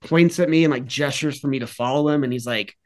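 A man's voice: medium pitch, fast talker. A young adult man, a podcast guest, telling a story in an easygoing, laughing way. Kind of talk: casual storytelling chat.

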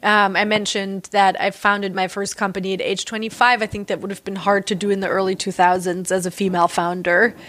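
A woman in her forties from Germany, speaking candidly and emphatically in a relaxed interview, with frequent fillers. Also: medium pitch, brisk, hardly any pauses. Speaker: interviewee, artist. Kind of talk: casual conversational interview.

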